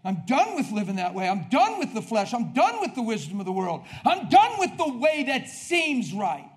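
A man with a high voice preaches with fire to a church congregation. He shouts the big lines, then drops to soft, chatty asides. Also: huge pitch swings, moderate pace. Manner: intense, shouting bursts then quiet confiding asides. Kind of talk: passionate sermon.

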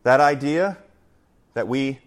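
A middle-aged man preaching a conversational verse-by-verse sermon, animated, with joking asides and acted-out quotes. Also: medium pitch, slow. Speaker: pastor.

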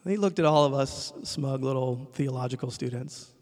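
Man preaching a story-driven sermon. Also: medium pitch. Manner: conversational, animated retelling with acted quotes; prayerful, soft and slow. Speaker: pastor.

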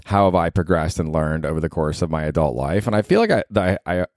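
A man in his forties with a very low voice rambles through a profane comedic monologue, filled with "like". The recording is dry and close, made in a bedroom at night. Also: big pitch swings, fast talker, darkish tone, no echo. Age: 40s. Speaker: comedian podcast host.

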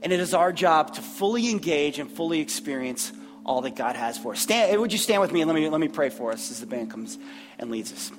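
A man preaching a sermon as pastor, earnest, often repeating words and pausing. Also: on the high side, animated, big-room sound, music in the background. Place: church sanctuary.

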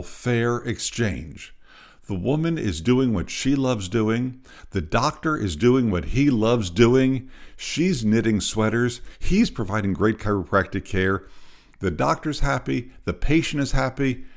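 A man hosting a podcast, telling a story in an animated way and acting out the voices. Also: medium pitch, a little slow. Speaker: podcast host.

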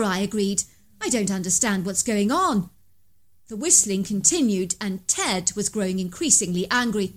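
A woman narrating a scripted first-person bedtime story, slowing down and rising in pitch at tense moments.

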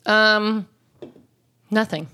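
A woman co-hosting a podcast, chatting casually with quick, teasing retorts. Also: mid-range voice, sharp tone, smooth. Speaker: podcast co-host. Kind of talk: casual chat.

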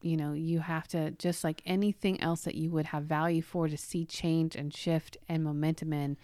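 A woman's voice: level tone, normal speed, mellow, no room sound. Brief: woman in her forties, podcast co-host, heartfelt storyteller, very dry close sound. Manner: emotional storyteller, voice rising high when quoting. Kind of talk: casual chat, storytelling.

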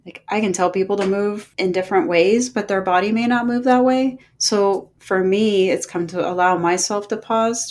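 A middle-aged woman hosting a podcast, speaking slowly and gently with heartfelt encouragement and many pauses. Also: on the low side. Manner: gentle, slow and unhurried with pauses. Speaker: podcast host and movement coach. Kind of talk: reflective podcast monologue.

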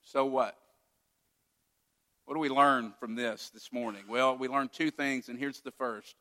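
A man's voice: medium pitch, steady tone, measured pace, bright, forceful tone. A man preaching a sermon as a pastor, retelling a story and acting out its quoted lines with feeling. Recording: long hall reverb.

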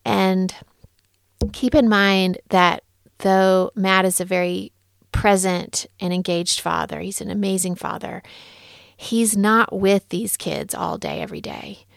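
Woman, thirties, earnest storyteller; fry-heavy voice, dry close recording. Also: mid-range voice, fairly even intonation, dry recording. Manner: soft, earnest, candid, with pauses and restarts. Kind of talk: personal story, reflective talk.

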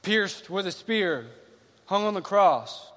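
High-voiced pastor in a reverberant hall. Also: male voice, animated, slow, fairly bright tone. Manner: earnest, repetitive, conversational preaching. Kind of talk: sermon. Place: large room with bleachers.

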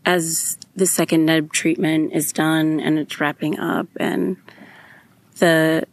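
A woman's voice: low voice, flat delivery, slow pace, dry recording. A young adult woman hosting a podcast, telling a personal story in a candid, emotional way and swearing freely. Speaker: podcast host.

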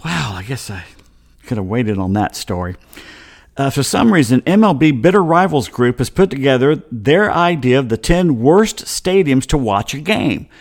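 A man's voice: mid-range voice, lively intonation, moderate pace. A man hosting a casual sports talk show, rambling through stories with wry, chatty asides.

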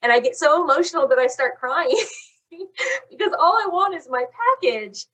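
A young woman casually telling a long story on a chat podcast, animated and saying "like" constantly. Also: sits high, moderate pace. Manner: animated, fills talk with "like". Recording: voice a bit far from the mic.

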